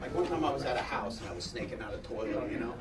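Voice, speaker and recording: A middle-aged stand-up comedian with a mid-range voice races through a crude, profane routine, animated and very fast, rambling and asking the crowd if they know what he means. It's a live comedy venue, recorded on a distant mic in an echoey room with loud crowd laughter.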